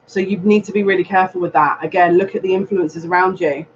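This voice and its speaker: A man's voice: high voice, fairly even intonation, fast. A man giving a live tarot reading, earnest and repetitive, speaking straight to the viewer. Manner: earnest, repetitive, advising directly. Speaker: psychic reader. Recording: dull lo-fi sound with faint noise.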